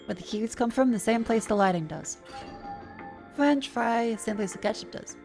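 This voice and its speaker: A woman's voice: a little high, animated, normal speed, gravelly, over music. A woman VTuber streamer in casual chat, ranting playfully and slipping into silly voices.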